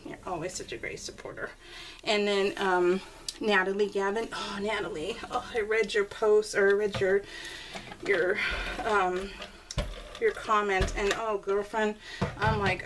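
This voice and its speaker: A woman's voice: medium pitch, level tone, unhurried. Woman, 40s, crafting vlogger: bubbly, chatty, laughs a lot, slightly distant mic. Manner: chatty and gushing, laughs often. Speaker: scrapbooking vlogger. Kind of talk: casual chat to viewers while crafting. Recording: slightly distant mic, faint background noise.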